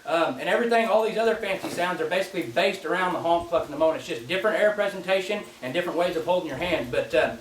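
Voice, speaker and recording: A relaxed, folksy man with a high voice walks through goose-calling technique, often starting his phrases over. He sounds set back from the mic in an echoey space. Faint clicks sit behind him. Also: fast, few pauses, far from the mic, a little hiss or hum. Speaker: goose call instructor. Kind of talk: casual spoken demonstration.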